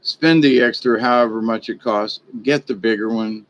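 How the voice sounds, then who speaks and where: A man's voice: mid-range voice, moderate pace, low-quality recording. A man talking in a casual, rambling vlog monologue, folksy and chatty. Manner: folksy, chatty, animated in retold exchanges. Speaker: vlogger.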